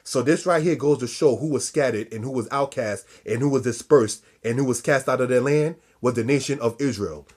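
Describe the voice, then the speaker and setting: A man's voice: medium pitch, brisk, few pauses, darkish tone. A man giving a scripture lesson, preaching style, repeating and stressing key words and calling his listeners brothers and sisters. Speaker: religious teacher.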